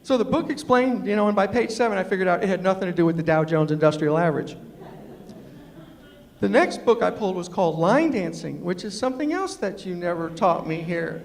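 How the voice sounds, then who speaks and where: A middle-aged man telling funny stories to a live audience in an animated way, quoting people and asking the crowd questions. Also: high voice, a little fast, gravelly. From New York City. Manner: animated, quotes people in acted voices, asks the audience questions. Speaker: storyteller and humorist. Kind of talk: comic storytelling talk to a live audience. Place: university lecture hall. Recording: long reverb of a lecture hall.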